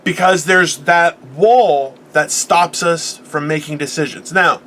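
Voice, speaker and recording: A man's voice: fairly high pitch, steady tone, takes it slowly, pushed and bright. A man in his forties hosting a podcast, delivering a profane, boisterous comedic motivational rant. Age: 40s. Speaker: podcast host.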